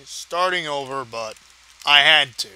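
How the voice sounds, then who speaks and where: A man's voice: fairly high pitch, unhurried, bright, forceful tone, slight background noise. A man rambling through let's-play game commentary, swearing casually and talking to himself and his viewers. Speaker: gaming video host.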